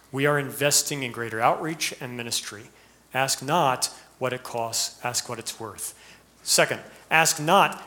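A man's voice: medium pitch, fairly bright tone. A man with an American accent, a pastor giving an earnest sermon full of rhetorical questions and rising emphasis.

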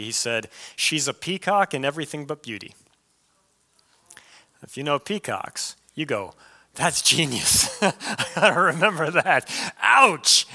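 A male pastor preaching a sermon in a conversational, lively way, with frequent asides to the congregation. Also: mid-range voice.

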